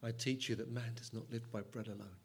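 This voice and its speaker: A man speaking as God in a calm, patient voice that is low, quiet and measured. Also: husky. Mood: solemn.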